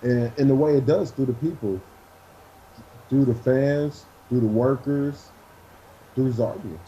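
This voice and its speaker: Man with a dark, muffled voice. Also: mid-range voice, unhurried, slight background noise. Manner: animated storyteller who acts out quotes. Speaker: wrestler. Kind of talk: shoot interview storytelling.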